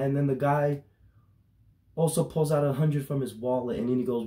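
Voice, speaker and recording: A young man with a dark, raspy voice tells a casual, rambling story. He swears freely and gets loud and excited as he goes. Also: a little high, fairly quick. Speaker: toy collector vlogger.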